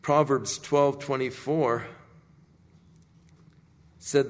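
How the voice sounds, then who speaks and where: A man preaching a sermon, telling the scripture story in a deliberate, emphatic way. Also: mid-range voice. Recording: echoey hall.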